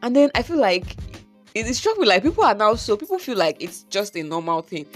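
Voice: mid-range voice, sing-song, brisk, a bit bright, faint music behind. A vlogger with a Nigerian accent telling a casual, exasperated story and dropping in pidgin slang.

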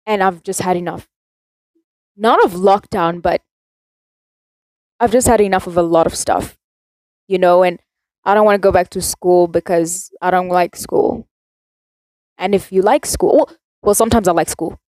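A woman's voice: mid-range voice, darkish tone, no echo. Rambling teen girl podcaster from South Africa. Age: teens. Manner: rambling, self-contradicting, chatty. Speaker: podcast host. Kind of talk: casual solo podcast rant.

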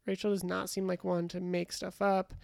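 A woman's voice: on the low side, little pitch movement, moderate pace, gravelly, a little mellow, dry recording, clean studio sound. A young woman co-hosting a podcast, chatting casually about a reality show with lots of fillers and restarts. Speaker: podcast co-host.

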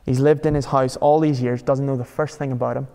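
A man's voice: mid-range voice, little pitch movement, fairly quick, creaky, warm tone, long reverb tail. A man preaching a sermon in a conversational, emphatic way, asking his listeners rhetorical questions. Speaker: pastor.

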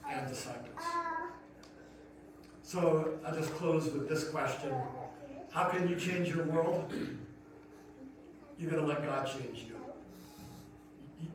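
A man, a pastor, preaching a sermon in an earnest storytelling manner that rises to emphatic questions. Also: a little high. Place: church sanctuary. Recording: echoey hall from far off, noisy.

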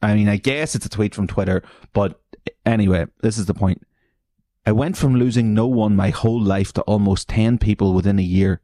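A podcast host with a lowish voice rants through internet comments, swearing freely and laughing at them. He often jumps up into squeaky mocking voices, and the sound is close and dry with no room around it. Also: moderate pace, dark tone, dry recording. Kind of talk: solo podcast commentary reading online posts.

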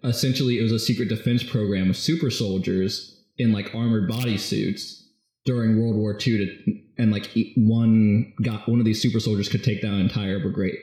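A man's voice: fairly low pitch, steady tone, normal speed, mellow. A man casually recapping a movie script as a podcast host, rambling and jokey, full of fillers. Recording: very echoey room.

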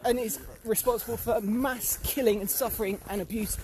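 A man's voice: high-pitched, steady tone, fairly quick, darkish tone. Man, casual vlog chat, heated and persistent, recorded outdoors on a walk with light background noise. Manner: impassioned, repeated rhetorical questions. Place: outdoors, walking uphill.

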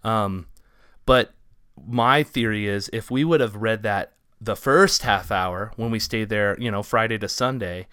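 Low-voiced man telling a story, dry sound. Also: measured pace, clean tone, dry recording. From Ohio, USA. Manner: rambling, filler-heavy, animated when excited. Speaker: podcast co-host. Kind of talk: casual storytelling chat.

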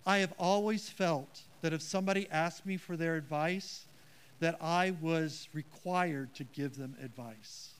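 A man's voice: fairly high pitch, a little slow, smooth. A man preaching a sermon as pastor, earnest and emphatic, with a self-deprecating touch.

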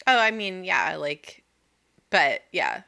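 Woman, podcast co-host, casual rambling chat, pregnant, bright tone. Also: lowish voice, big pitch swings, slow pace, creaky. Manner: chatty, rambling, laughs easily.

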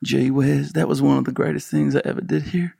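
A gushing, folksy Southern man with a broad drawl and a gravelly edge, as a man puts him on. The voice sits a touch high and sounds close and dry. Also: level tone, fairly quick, dark tone, no echo, exaggerated voice.

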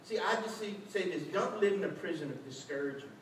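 Animated preaching pastor, echoey hall. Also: male voice, high-pitched, fast talker. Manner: animated, acts out quotes with shouts and laughs. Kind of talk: sermon. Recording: echoey hall, distant mic, faint noise.

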